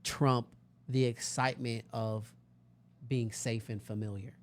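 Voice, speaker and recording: A man's voice: mid-range voice, little pitch movement, unhurried. Encouraging man hosting an interview. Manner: interjecting, encouraging, asks questions with emphasis. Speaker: podcast host. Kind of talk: conversational interview.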